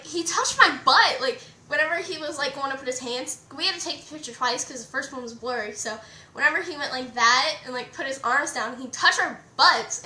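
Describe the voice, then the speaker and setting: A teenage girl vlogging a rambling, excited story with lots of "like" and fillers. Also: sits high. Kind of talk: casual storytime vlog. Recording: echoey room.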